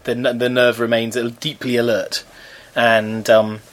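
A man's voice: medium pitch, flat delivery, measured pace. A man co-hosting a podcast, telling a self-mocking story in casual, playful chat. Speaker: podcast co-host.

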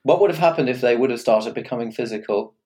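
Man, podcast co-host, mid-pitched, teasing and prodding with questions. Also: fast, warm tone. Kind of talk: casual chat.

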